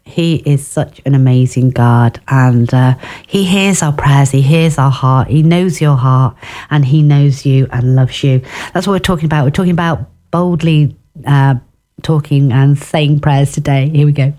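A woman's voice: low voice, unhurried, mellow. A woman giving an informal devotional talk on prayer, earnest and personal, with restarts and asides. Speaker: devotional speaker.

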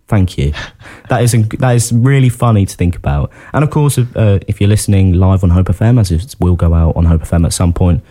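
Deep-voiced man chatting football. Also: mellow. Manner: chatty, self-deprecating, laughs often. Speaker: podcast co-host. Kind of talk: casual football podcast chat.

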